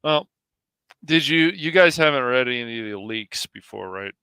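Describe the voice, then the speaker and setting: A man chiming in on a pop culture talk panel with short, laid-back remarks. His voice is bright and clean, recorded dry. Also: mid-range voice, lively intonation, moderate pace, smooth, no room sound.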